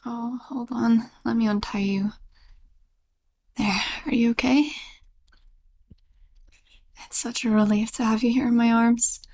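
A woman's voice: a little high, flat delivery, a little slow, long pauses. Woman as a doting yandere girlfriend in whispered role-play. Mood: doting, soft. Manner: soft, stammering, giggly. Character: clingy obsessive young yandere girlfriend, tender and apologetic.

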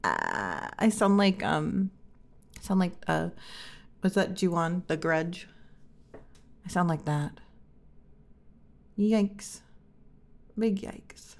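A young woman chatting casually and rambling on her own, sounding tired and sleepy, with heavy vocal fry and many fillers. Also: on the low side, extremely slow, pauses often, darkish tone. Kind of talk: casual solo chat.

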